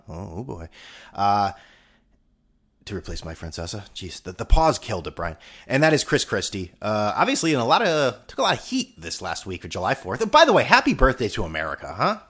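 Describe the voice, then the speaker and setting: Lively sarcastic male podcast host. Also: lowish voice. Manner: sarcastic, rambling, profane. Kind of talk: casual monologue.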